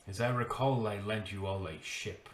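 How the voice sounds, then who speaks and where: A man's voice: fairly low pitch, roomy sound, lightly acted. A man voicing an aloof, dry-witted father to a grown child during a tabletop game. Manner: dry, unhurried, deadpan. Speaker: game master.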